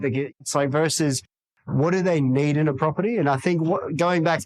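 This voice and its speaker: A man's voice: medium pitch, low-quality recording. A man in a podcast interview, talking energetically and acting out quoted dialogue in other voices. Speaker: real estate agent guest.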